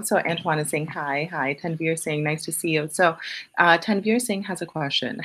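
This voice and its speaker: A woman hosting a casual motivational live stream, answering viewer questions bluntly and swearing for emphasis. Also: a bit bright. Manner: jumps up in pitch on punchy repeated lines.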